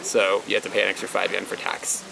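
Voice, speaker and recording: A man's voice: low-pitched, completely flat delivery, fast, vocal fry, a crowd in the background, low-quality recording. A man co-hosting a casual Q&A vlog, rambling with lots of "like" fillers. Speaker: vlog co-host. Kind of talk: casual Q&A chat. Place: indoors, living in Japan.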